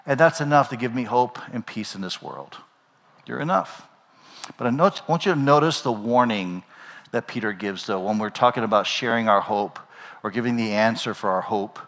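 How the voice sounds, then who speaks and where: A man's voice: medium pitch, moderate pace, fairly bright tone. A man preaching a sermon as pastor, in a conversational style, often checking in with "right?". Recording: long hall reverb.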